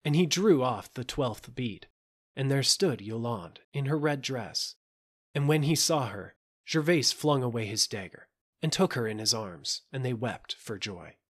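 A man narrating a fairy tale audiobook in a measured, gentle storytelling manner. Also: medium pitch, lively intonation, husky. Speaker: audiobook reader.

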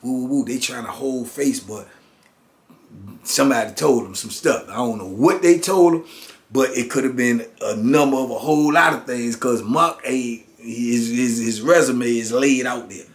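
In an interview, a middle-aged man who once served time tells a story from prison in a mid-range voice at normal speed. Street slang fills his speech, along with frequent "man" and "you know what I'm saying".

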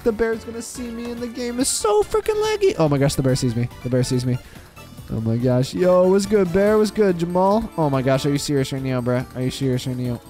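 A young man giving excitable, frustrated commentary while playing a game. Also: mid-range voice. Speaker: gaming video creator.

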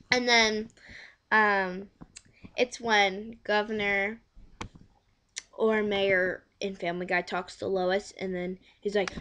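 A woman's voice: mid-range voice, level tone, slow pace, pauses often, bright, forceful tone, slight background noise. A woman chatting casually to camera, rambling with many fillers and repeated words. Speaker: vlogger. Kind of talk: casual home video chat.

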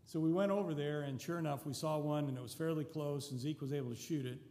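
An older man from New Zealand, a visiting missionary, tells folksy stories to a congregation in a church sanctuary, his voice slightly high, mellow, fast and fairly even in intonation. He's chatty, with restarts and wry asides, and the recording carries a long church-hall reverb.

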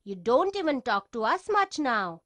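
A woman voicing the caring parents of a schoolboy in a children's storybook. They gently question him and give him advice. Her voice sits fairly high, close to the mic with no room sound. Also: very animated, a little slow, no echo. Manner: gently advising.

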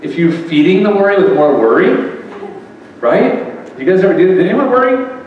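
A man's voice: sits high, animated, normal speed, lo-fi sound, slight background noise. Man, conversational sermon, asks the crowd questions, distant mic, big reverberant hall. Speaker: speaker at a faith event. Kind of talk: sermon to a live audience. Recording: echoey hall recording from far off.

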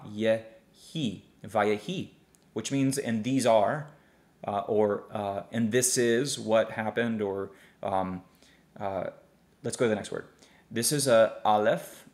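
A young man teaching a language lesson, sounding out syllables slowly and patiently and checking in with his listeners often. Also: lowish voice. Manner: checks in often with "okay?" and "see that?". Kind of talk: explaining a lesson.

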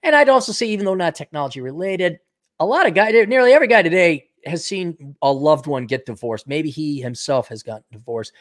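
A man's voice: fairly high pitch, animated, brisk. Blunt, opinionated man with a tiring voice. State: losing his voice. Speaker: video commentator. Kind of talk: casual unscripted monologue.

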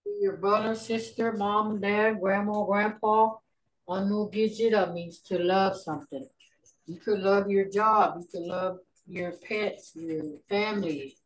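Woman, language teacher on a video call, patient and slow, repeats words for learners. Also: mid-range voice, low-quality recording. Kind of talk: online language class.

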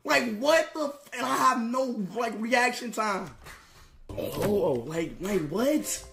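A man's voice: very high-pitched, takes it slowly, creaky, a bit bright. Young guy streamer going off about the game, cussing nonstop, tripping over his words, headset mic, faint hiss behind. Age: young adult. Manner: frustrated ranting with heavy swearing and stammered restarts. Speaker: livestreamer. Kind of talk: live gameplay commentary.

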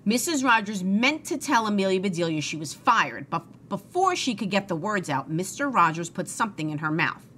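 Expressive female storybook reader for kids; bright, animated delivery. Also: medium pitch, normal speed, hardly any pauses, a little hiss or hum. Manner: expressive, addresses young listeners. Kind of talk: children's read-aloud.

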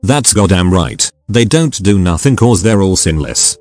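A man's voice: low voice, lively intonation, unhurried, no echo. A synthetic male text-to-speech voice reading the lines of a drunk, masked male gang leader with a sneering, profane manner. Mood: menacing.

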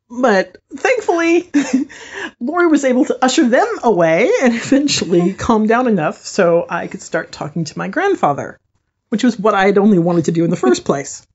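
Animated woman telling a story on a podcast. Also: medium pitch, normal speed, breathy edge, dull audio. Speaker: podcast co-host.

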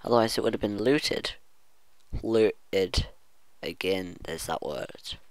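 A man's voice: fairly low pitch, animated, moderate pace, no echo. A man talking through his own gameplay in a rambling let's-play commentary, musing aloud to himself and humming now and then. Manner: rambling self-talk, hums and muses aloud. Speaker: gaming channel host.

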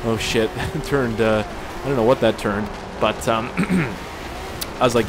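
Playing a racing game, a man gives casual, crude, meandering commentary full of jokes. His voice is mid-range with fairly even intonation at a moderate pace, and the background is noisy with game music and engine sounds.

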